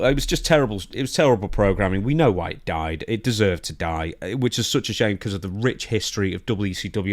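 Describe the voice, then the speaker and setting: A man chatting casually on a podcast into a studio microphone, animated and excitable, with sudden loud outbursts. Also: fairly low pitch. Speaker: podcast co-host.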